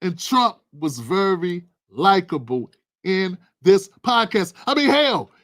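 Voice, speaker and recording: A man's voice: high-pitched, sing-song, slow, fairly bright tone. A man hosting his own show, talking straight to his viewers in casual, slangy, emphatic political commentary. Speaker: show host.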